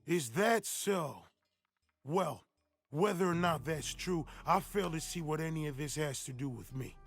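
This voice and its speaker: A man's voice: on the high side, lively intonation, measured pace, vocal fry, soft background music, exaggerated voice. A man voicing a suspicious, frightened recluse who speaks curtly from behind his door. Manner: curt and suspicious.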